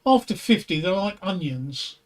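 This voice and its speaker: A man's voice: high voice, very animated, moderate pace. A man voicing a middle-aged father in a joke, speaking matter-of-factly to his son. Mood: deadpan.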